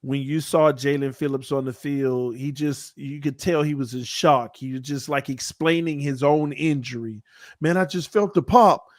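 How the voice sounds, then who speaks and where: A man's voice: mid-range voice, steady tone, moderate pace, hardly any pauses, darkish tone, dry recording, studio quality. A man co-hosting a podcast, chatting casually about football in a laid-back, rambling way, often trailing off with "man". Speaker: podcast co-host. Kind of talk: casual sports chat.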